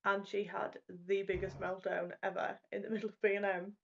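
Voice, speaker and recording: A podcast co-host chats casually, telling stories and acting out quotes. Her medium-pitched voice is creaky and flat, moving fairly quickly, captured on a dull lo-fi mic with faint noise.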